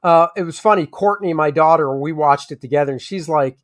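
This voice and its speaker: A man's voice: fairly high pitch, steady tone, a little fast, hardly any pauses. A man co-hosting a casual movie review chat, rambling and often restarting as he searches for names. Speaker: movie review podcast co-host.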